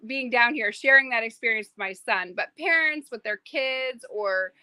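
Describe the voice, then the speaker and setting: A woman's voice: on the high side, moderate pace, clear, resonant tone, dry recording. A woman who works as a private yacht chef, chatting in an interview and telling stories with lots of fillers. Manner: animated, many fillers, acts out quotes. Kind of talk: casual interview storytelling.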